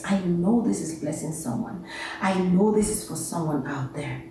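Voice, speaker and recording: A woman's voice: lowish voice, lively intonation, moderate pace, dark tone, a little hiss or hum. A woman preaching an earnest, encouraging sermon, often repeating her words. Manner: earnest and encouraging, with many repetitions. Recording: echoey hall, voice from far off.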